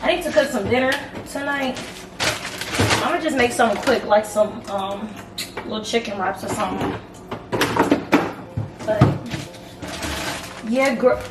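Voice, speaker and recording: A young woman with a hoarse voice, chatting casually to her camera at home and calling the viewer "girl" and "y'all". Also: on the high side, a little slow, pauses often, recorded from a distance, heavy background noise. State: hoarse from singing. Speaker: vlogger. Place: home apartment, kitchen and bathroom. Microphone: camera on a tripod. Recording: echoey room with music behind.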